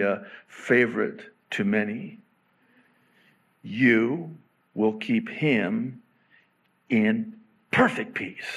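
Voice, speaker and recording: A man preaching a sermon, slow and emphatic, with sudden rises in pitch on key words. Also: fairly bright tone. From half Egyptian father. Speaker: pastor.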